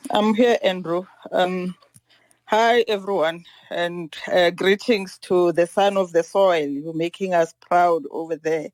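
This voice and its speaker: A woman's voice: fairly low pitch, steady tone, slow pace, a little mellow, dry recording. A woman calling in to a live audio show, talking in a casual, hesitant way with fillers. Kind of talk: casual chat.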